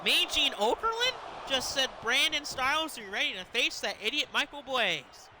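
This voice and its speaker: A high-voiced man rambles excitedly over a wrestling video game, laughing and yelling at the ref. The home recording carries a clear layer of background noise. His talk is loose and chatty. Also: moderate pace. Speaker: gaming commentator. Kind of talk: casual let's-play commentary.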